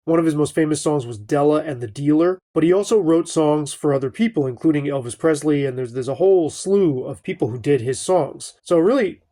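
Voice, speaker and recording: A man's voice: a little high, a little fast, hardly any pauses, dark tone. A middle-aged man talking casually through an old film review, rambling with many fillers and asides. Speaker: film commentator.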